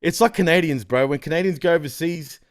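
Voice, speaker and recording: A man with an Australian accent, a podcast guest talking in an animated, slangy way with plenty of swearing, often slipping into other accents. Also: on the high side, fast. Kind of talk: casual chat.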